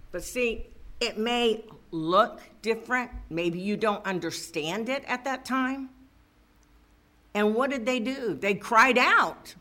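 A woman preacher delivers a sermon, her bright, tense voice swooping widely in pitch. She takes her time with each phrase and keeps putting questions to the listeners. At moments she builds to fervent calls to press on. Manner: preaching with rising fervor and call-and-response questions.

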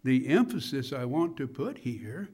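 Slow, deliberate male preacher. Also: medium pitch, very animated, a little mellow, breathy edge. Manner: slow, deliberate preaching with emphatic rises on numbered points. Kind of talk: sermon.

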